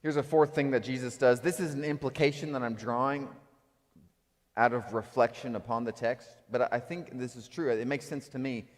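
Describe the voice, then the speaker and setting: A man preaching a sermon as pastor, animated, moving between loud acted outbursts and quiet reflective passages. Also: medium pitch, moderate pace, long reverb tail. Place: church sanctuary.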